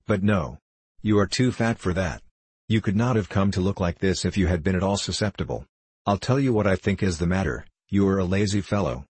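A cold, sneering middle-aged diplomat, read by a man in a very low, husky voice. He talks down sharply and cynically. The sound is close and dry. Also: a little fast, darkish tone, no room sound. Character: mocking, condescending middle-aged male diplomat.

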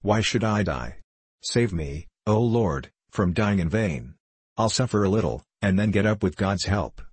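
A man voicing an ailing, pious old pilgrim who speaks slowly and wearily. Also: fairly low pitch, animated, husky, no room sound. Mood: weary.

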